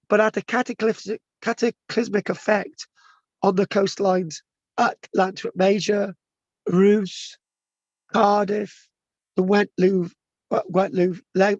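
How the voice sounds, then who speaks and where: A man's voice: high-pitched, darkish tone, no room sound, lo-fi sound. A man with a strained, tired voice, giving a rambling informal history talk and stumbling over place names. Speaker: local history presenter.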